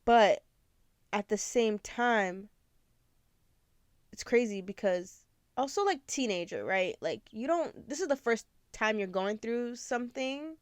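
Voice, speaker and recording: A woman's voice: on the high side, expressive, slow pace, smooth, no echo, clean studio sound. A woman in her twenties hosting a podcast, talking candidly and rambling with lots of fillers. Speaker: podcast host. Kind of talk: casual confessional chat.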